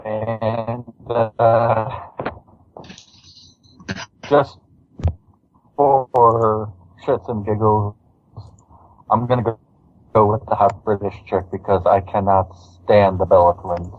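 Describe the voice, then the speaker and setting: A man in a casual podcast chat, slow and hesitant. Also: lowish voice, fairly even intonation, a little hiss or hum. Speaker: podcast panelist. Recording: tinny phone-like line.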